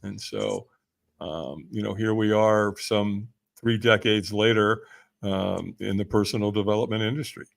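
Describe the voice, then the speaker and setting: A man's voice: on the low side, unhurried, gravelly. An older man, a guest in an interview, telling a story with a lot of energy, acting out the voices in it and laughing often. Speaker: podcast guest, personal development speaker.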